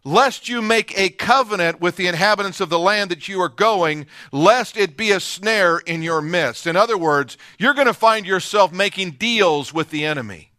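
A man preaching a sermon as pastor, swinging from raised, emphatic lines down to hushed, near-whispered ones. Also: sits high, moderate pace, hardly any pauses, no echo, clean studio sound.

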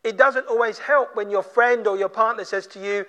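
In a church, a man delivers a sermon conversationally, briefly acting out the voices of the people he quotes. His voice sits high and sounds pushed and bright, at a normal speed with hardly any pauses.

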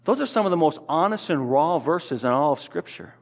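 Guy pastor preaching, kinda high voice, earnest, keeps repeating words, church echo all around. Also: very animated, normal speed, gravelly. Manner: earnest, repeats words while building a point. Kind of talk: sermon. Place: church sanctuary.

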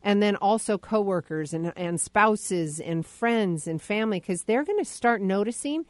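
A woman's voice: mid-range voice, lively intonation, moderate pace, no echo. A woman hosting a podcast, chatting casually and starting over often. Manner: chatty, many restarts. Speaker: podcast host. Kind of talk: casual interview chat.

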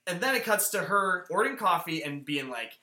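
A podcast co-host recaps a film in loose, animated chat, leaning on fillers and quick laughs. The voice is bright and of middling pitch. The room adds a noticeable echo. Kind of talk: casual film discussion. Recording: roomy echo.

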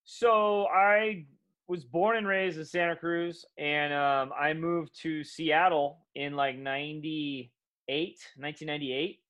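A man's voice: a little high, fairly even intonation, takes it slowly, fairly bright tone. A man from California, guest actor and producer, chatting easygoing on a video call, swearing casually. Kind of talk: casual chat.

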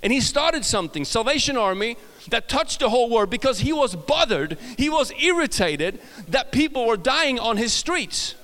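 High-voiced Swedish preacher in a reverberant hall. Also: male voice, sing-song, moderate pace, hardly any pauses, a bit bright. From Sweden. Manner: storytelling with frequent restarts and self-laughter. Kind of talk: sermon.

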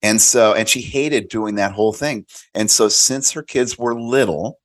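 A man with a lowish voice chatting as a podcast guest. He tells lively anecdotes and slips into quoted voices along the way. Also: a little slow. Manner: animated storyteller, acts out quoted voices. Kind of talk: casual chat.

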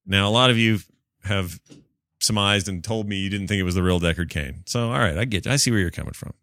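A man hosting a podcast, chatting casually with an excitable, joking manner. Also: low-pitched, fairly quick, dry recording, studio quality. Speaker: podcast host.

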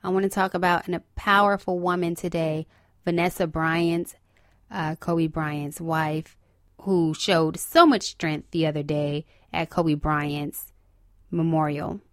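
A woman's voice: low-pitched, fairly even intonation, a little slow, no room sound, clean studio sound. A woman hosting her own podcast, chatting alone in an emotional, earnest way and repeating phrases for emphasis. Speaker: podcast host. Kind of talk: solo casual chat.

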